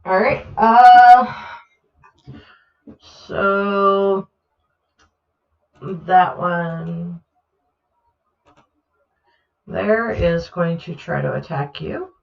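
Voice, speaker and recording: A woman runs a tabletop game at an unhurried pace, relaxed and filling pauses with ums. Her voice sounds roomy and a little dull, like online call audio. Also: on the low side, creaky. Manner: relaxed, hesitant with many fillers. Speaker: game master.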